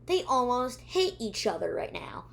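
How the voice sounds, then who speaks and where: A woman's voice: fairly high pitch, sing-song, measured pace, gravelly, a bit bright. A female reviewer recapping episodes in a rambling way, with many ums and restarts, acting out the characters' lines. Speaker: video reviewer.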